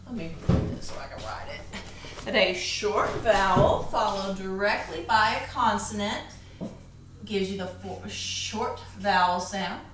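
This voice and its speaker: A woman teaches a phonics lesson at a slow, deliberate pace, walking through each step patiently. Her voice sits in the middle of the range. She is recorded in an echoey classroom with a faint background hum. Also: mid-range voice.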